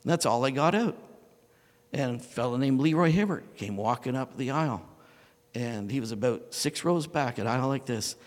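A middle-aged male pastor preaching a sermon and telling a story, moving between loud proclaiming and hushed intensity. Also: medium pitch, expressive, moderate pace. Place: church sanctuary. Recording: long reverb of a church hall.

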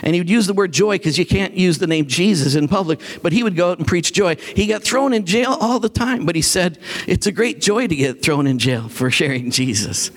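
A male pastor delivers a sermon with lots of storytelling. His voice sits high, and he gets animated, acting out the other people's lines as he goes. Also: brisk, few pauses. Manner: animated, acts out quoted voices, laughs often.

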